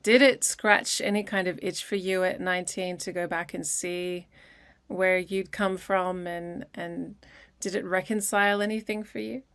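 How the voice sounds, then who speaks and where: A woman's voice: fairly low pitch, flat delivery, a little slow, a bit bright, smooth. A woman with an Australian accent hosting an interview, asking curious follow-up questions. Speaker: podcast host. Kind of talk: casual interview chat.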